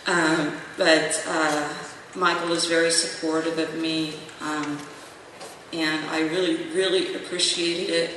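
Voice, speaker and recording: A speaker shares a personal account haltingly, with many pauses and repeated words. The voice is distant in a long, echoing convention hall. Steady crowd noise sits underneath. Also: medium pitch. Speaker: panel speaker sharing a personal story. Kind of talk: emotional personal testimony. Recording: echoey hall from far off, noisy room.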